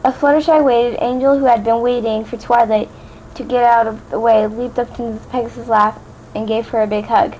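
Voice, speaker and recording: Casual amateur woman narrator, chatty asides, a bit high-pitched. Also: steady tone, normal speed, a little mellow, slight background noise, low-quality recording. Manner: stumbling restarts, chatty asides to viewers. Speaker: fanfiction reader. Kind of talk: casual read-aloud narration.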